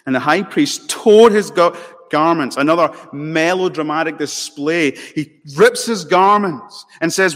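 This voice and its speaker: A man's voice: fairly high pitch, a bit bright. Impassioned male preacher in a reverberant hall. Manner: dramatic, impassioned preaching with emphatic rises and slow solemn stretches. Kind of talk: sermon. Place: church sanctuary.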